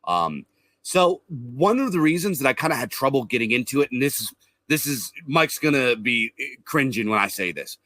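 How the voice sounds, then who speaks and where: A man's voice: mid-range voice, sing-song, normal speed, pushed and bright, dry recording. A man co-hosting a podcast, casually reviewing an album with many fillers and restarts, swearing now and then. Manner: rambling, lots of restarts and fillers. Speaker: podcast co-host.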